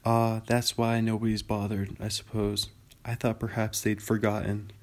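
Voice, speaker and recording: A gloomy old gray donkey, as a man reads him aloud, grumbling through every sorrowful complaint. His voice stays flat and low-key, sunk in self-pity in a storybook world. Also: moderate pace, lightly acted. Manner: mournful, sighing complaints.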